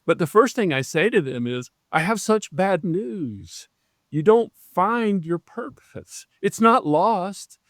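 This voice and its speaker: A man in his seventies, a leadership coach interviewed as a guest, talking earnestly and slowing down to stress key phrases. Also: high voice, no echo, clean studio sound. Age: 70s. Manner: earnest and animated, slows down to stress key phrases, acts out quoted voices. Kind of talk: conversational interview.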